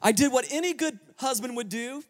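High-voiced male pastor telling a story. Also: brisk. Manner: lively storyteller, joking asides to the congregation. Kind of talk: sermon with storytelling. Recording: long reverb of a large hall.

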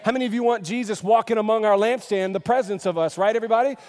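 A man with a high voice preaches to his congregation, full of energy and questions for the crowd. The sound rings out with the long, lingering reverb of a church hall. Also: racing. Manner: animated, quizzes the congregation with questions. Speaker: pastor. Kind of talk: sermon. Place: church sanctuary.

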